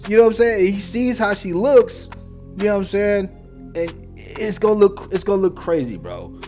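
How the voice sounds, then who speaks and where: A man's voice: high-pitched, animated, normal speed, dark tone, faint music behind. A man hosting a reaction video, ranting heatedly in casual street slang as he comments on clips. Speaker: reaction host.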